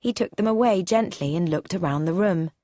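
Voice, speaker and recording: Clear, measured woman narrating a storybook. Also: on the low side, mellow, dry recording, clean studio sound. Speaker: audiobook narrator. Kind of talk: scripted audiobook narration for learners.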